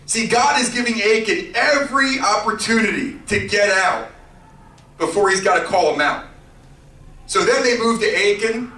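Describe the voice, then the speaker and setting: A man giving a youth sermon, telling a story in an animated, playful way with character voices. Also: sits high, moderate pace, echoey room, distant mic, low-quality recording. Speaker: youth pastor.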